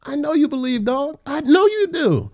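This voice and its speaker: A man's voice: high-pitched, expressive, a little fast, dark tone, voice pushed up. A man voicing a bold, persuasive apostle who presses a king with emphatic, needling questions. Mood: pressing.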